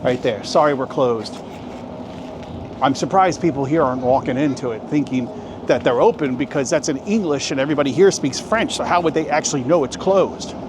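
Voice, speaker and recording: A man's voice: medium pitch, fast. A man in his thirties walking city streets and chatting casually to his camera as a travel vlogger, joking and thinking aloud. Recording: outdoor street noise. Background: street and traffic noise.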